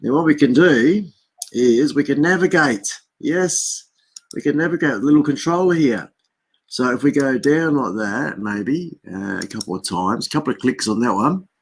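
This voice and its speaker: A man's voice: medium pitch, expressive, moderate pace, slightly rough. An Australian man hosting a casual live stream, chatting and rambling to himself while he adjusts his camera and screens. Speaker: livestream host.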